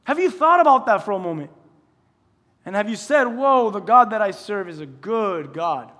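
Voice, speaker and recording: High-voiced male pastor in a reverberant hall. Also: lively intonation, moderate pace, fairly bright tone. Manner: conversational preaching with rhetorical questions. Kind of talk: sermon. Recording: long reverb of a large hall.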